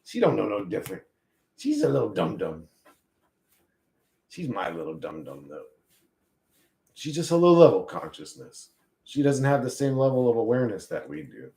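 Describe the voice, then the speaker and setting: A man's voice: on the low side, very animated, normal speed, gravelly, pauses often, dark tone. A man hosting a casual livestream, rambling and swearing as he talks to his chat and to his dog. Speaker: livestream host.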